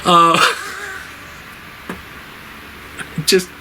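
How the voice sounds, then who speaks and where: A man's voice: medium pitch, expressive, slow pace, sharp tone, a little hiss or hum, poor audio. A man giving a casual spoken review, rambling with many fillers, laughing often, sounding exasperated.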